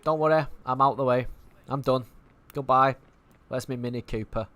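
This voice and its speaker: A man's voice: medium pitch, steady tone, normal speed, fairly bright tone. A man with a Manchester accent chatting and thinking aloud over a game he plays, casual and a little sweary. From England. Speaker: gaming streamer. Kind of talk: casual gameplay commentary.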